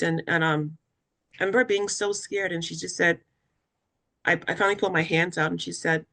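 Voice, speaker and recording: In a webinar interview, a young woman from West Africa who survived cancer and now advocates for patients relates her personal story. Her low-leaning voice is steady, brisk and a bit bright, and she speaks earnestly and emotionally, performing others' remarks to her.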